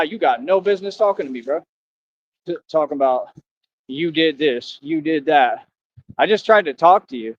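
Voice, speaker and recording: A man ranting on a livestream, boastful and confrontational, full of street slang. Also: fairly high pitch. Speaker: livestream streamer. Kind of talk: ranting live stream. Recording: dull lo-fi sound.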